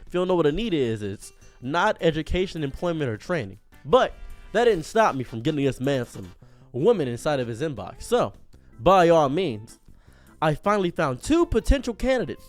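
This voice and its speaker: A man's voice: on the high side, moderate pace, soft background music. A man telling a comedic story in a theatrical, exaggerated way, speaking in a room in front of a green screen. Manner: animated, theatrical, exaggerated delivery. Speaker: streamer and commentary host.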